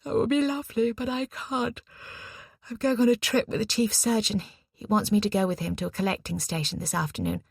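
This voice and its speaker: A woman voicing a reserved, tired young war artist, speaking softly and gently. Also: on the low side, quick pace, gravelly, hardly any pauses, breathy edge, dry recording, studio quality. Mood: earnest.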